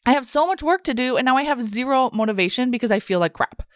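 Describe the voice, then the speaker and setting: A woman's voice: high voice, lively intonation, fast talker, no room sound, studio quality. A woman voicing a fretting dieter's inner voice. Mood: self-arguing. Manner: frets and argues with herself. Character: stressed dieting woman's inner voice, self-critical.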